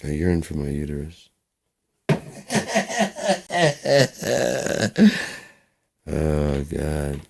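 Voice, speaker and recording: Brief: vlogger man, very deep and gravelly, swearing and joking, pitch swinging widely. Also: wildly swooping pitch, drawn-out words, long pauses, a little mellow. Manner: profane, joking, rambling. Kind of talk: casual rambling monologue.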